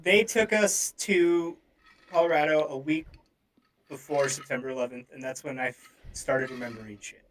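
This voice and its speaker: Young male podcast guest, 20s, fairly high voice, faint background noise, hesitant. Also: fairly even intonation, normal speed, a bit bright, rough recording. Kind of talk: casual chat.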